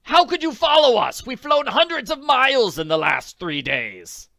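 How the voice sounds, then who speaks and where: A man voicing an angry, blustering villainous pilot, shouting impatiently. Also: very high voice, very animated, moderate pace, gravelly, dry recording, pitched above the performer's own voice, full character voice. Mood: bitter.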